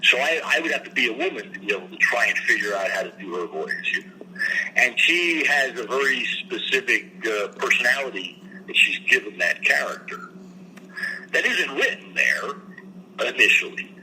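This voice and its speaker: Bright-voiced man telling studio stories. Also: mid-range voice, moderate pace, poor audio. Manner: animated, slips into impressions. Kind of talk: casual storytelling chat. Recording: faint background noise.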